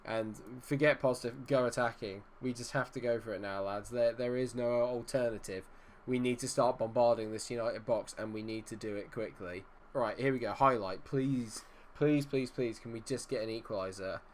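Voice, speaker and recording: A man talks through a football management game as he plays, in an exasperated, self-deprecating ramble. His voice sits at an everyday middle pitch for a man. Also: steady tone, normal speed, slight background noise. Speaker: gaming channel host. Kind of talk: live gameplay commentary.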